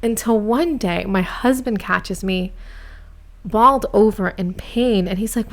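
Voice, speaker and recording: A woman from Miami hosting a podcast, telling a personal story in a chatty, animated, self-mocking way. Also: mid-range voice, unhurried. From United States, grew up in Miami. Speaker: podcast host. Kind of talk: casual storytelling monologue.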